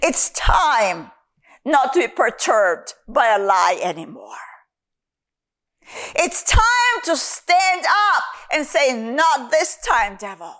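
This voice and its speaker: A woman's voice: sits high, sing-song, slow pace, fairly bright tone. A woman preaching a Bible teaching sermon, emphatic and repeating phrases for stress.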